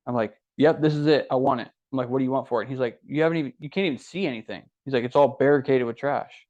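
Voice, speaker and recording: A young adult man from Ohio, guest on a podcast, tells his story casually at medium pitch and a fast clip. He's animated and acts out what other people said. The podcast audio is dull and lo-fi.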